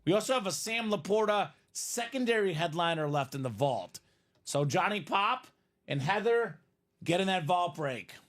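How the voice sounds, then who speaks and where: A man's voice: high-pitched, lively intonation, moderate pace. A man hosting a live stream, chatting casually and reading viewer comments aloud.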